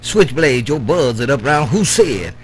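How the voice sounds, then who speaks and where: A man in casual CB radio banter, drawling and repeating his sign-off catchphrase, his words trailing off low. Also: very animated, normal speed. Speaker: CB radio operator.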